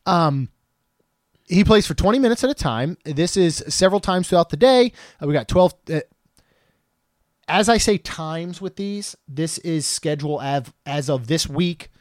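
A man's voice: a little high, animated, moderate pace, dry recording, studio quality. Chatty joking man co-hosting a podcast. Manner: chatty, joking, rambling with restarts. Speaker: podcast co-host. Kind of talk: casual podcast chat.

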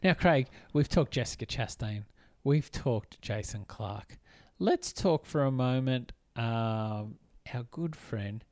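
A man chatting eagerly about films on a podcast, his voice sitting at an ordinary middle pitch. The recording is close and dry, with no room sound around him, and he leans on plenty of ums and likes as he talks. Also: animated, slow, darkish tone, no echo. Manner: chatty and enthusiastic, many fillers. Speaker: podcast co-host. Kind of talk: casual film discussion.

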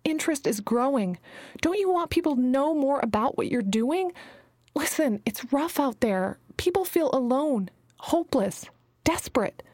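A woman's voice: high voice, expressive, normal speed, darkish tone, dry recording, studio quality, voice pushed up. A woman voicing an anxious, eager young woman who pleads urgently in a raised voice. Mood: pleading.

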